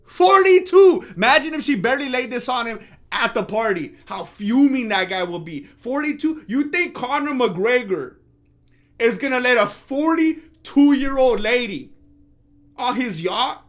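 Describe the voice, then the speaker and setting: Host: man with a very high voice, sarcastic mock-outraged commentary. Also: expressive, unhurried, a bit bright. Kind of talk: comedic commentary rant.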